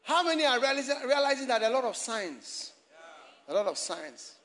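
Speaking at a normal speed in a very high voice, a pastor delivers a church sermon to his congregation and viewers watching online. His delivery is animated, full of shouts and laughter.

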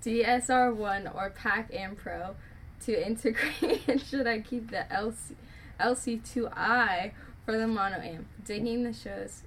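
A woman co-hosting a live stream, reading viewer questions aloud quickly and sometimes stumbling over the words. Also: a little high, a bit bright, a little hiss or hum. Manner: reads quickly, stumbles and restarts.

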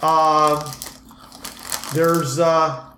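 Casting: man with a high voice as game master of a tabletop game, halting delivery, echoey room with faint noise. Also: little pitch movement. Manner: hesitant, with many fillers.

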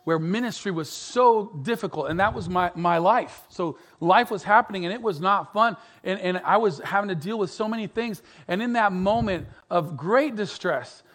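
Preaching with earnest conviction, this middle-aged pastor has a high voice. His repeated words build toward forceful climaxes before falling away into hushed, gentle passages.

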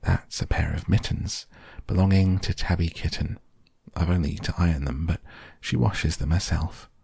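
A man's voice: low voice, fairly even intonation, moderate pace, vocal fry, darkish tone, slightly rough, dry recording, clean studio sound, exaggerated voice. A man voicing a small, stout hedgehog washerwoman who answers with anxious, bobbing politeness. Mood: fussing politely. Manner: bobbing polite, "if you please, 'm".

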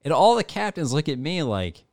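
A man's voice: fairly high pitch, moderate pace, dry recording, clean studio sound. A man in his forties, a retired fighter pilot, telling stories casually and with plenty of swearing. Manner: profane, animated storyteller. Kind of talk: casual storytelling interview.

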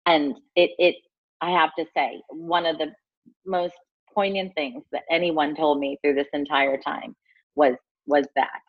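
A woman in her forties speaks low and heartfelt as an interview guest, often stumbling and restarting her sentences. Her voice sits deep for a woman, recorded dry with a slightly dull, lo-fi tone. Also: flat delivery, no room sound. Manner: halting and heartfelt, restarting phrases. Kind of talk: personal storytelling interview.

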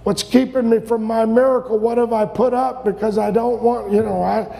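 A male preacher delivering a fervent sermon, often breaking into shouts. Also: very high-pitched, fairly even intonation, normal speed, vocal fry. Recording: long reverb of a large hall.

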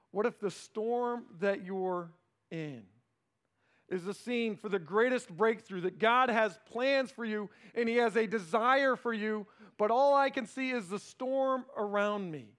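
High-pitched guy preaching, gets loud then drops way down quiet, acts out the quotes. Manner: dynamic preaching, swings from loud to hushed; acts out quoted lines in voices. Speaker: pastor. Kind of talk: sermon.

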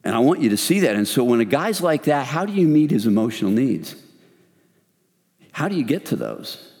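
A middle-aged man leading a men's ministry, preaching in an earnest, conversational way with animated retellings. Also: medium pitch, moderate pace. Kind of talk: sermon. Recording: long hall reverb.

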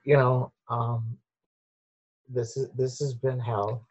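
A man's voice: mid-range voice, level tone, slow pace, darkish tone. A man chatting casually with wry, joking asides. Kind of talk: casual chat. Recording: dull lo-fi sound.

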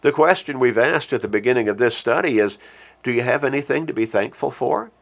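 A man preaching a sermon who speaks earnestly, repeats key phrases for emphasis, and slows down with a lifted voice when he quotes scripture. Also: medium pitch, lively intonation, creaky. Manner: slows and lifts his voice when quoting scripture.

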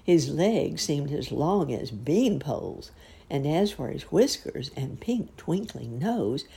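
A woman reading a children's story aloud, unhurried and expressive. Her low voice is dark and gravelly with a husky roughness, and it moves through a lively melodic range. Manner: slow, expressive.

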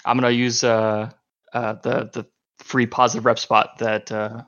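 Casting: male player, mid pitch, casual and halting, dull lo-fi audio. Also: level tone, fairly bright tone. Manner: quick, fumbling restarts. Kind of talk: casual chat. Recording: slightly muffled lo-fi audio.

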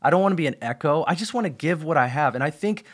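A man's voice: fairly high pitch, expressive, quick pace. A man, a pastor, giving an earnest devotional talk on his podcast, stressing and repeating key phrases, with small slips and restarts.

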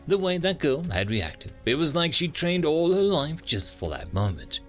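A man narrating a thriller audiobook in a dramatic, low-voiced storytelling manner.

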